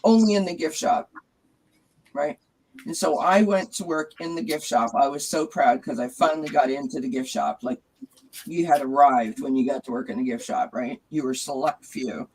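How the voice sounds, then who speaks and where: Husky-voiced man telling a story. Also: on the high side, normal speed, rough recording. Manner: lively anecdotal storytelling. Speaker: host. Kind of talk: casual chat.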